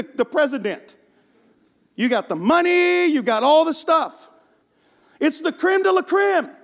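A male preacher delivers a sermon in a strikingly high voice with a gravelly edge. He talks with raw passion, climbing into shouts and then pulling back to an intimate hush. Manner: passionate, swings from shouting to hushed storytelling.

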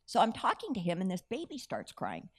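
A woman preaching, telling a story with lively acted-out dialogue and self-amused laughter. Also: medium pitch, fairly quick, slightly rough. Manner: animated, acts out dialogue, laughs at herself. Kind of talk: sermon storytelling.

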